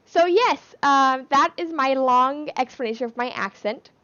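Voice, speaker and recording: A woman's voice: sits high, measured pace, sharp tone, no echo, highs cut off. A young woman with a speech impediment on her O sounds, rambling casually on a livestream and laughing between points. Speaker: livestream cast member. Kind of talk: casual chat.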